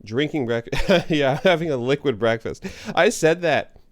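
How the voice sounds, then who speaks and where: A man's voice: on the high side, lively intonation, a little slow. A man chatting casually with viewers while streaming a game, rambling and joking at his own expense. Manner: rambling, self-deprecating, chats with viewers. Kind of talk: casual gaming stream chat.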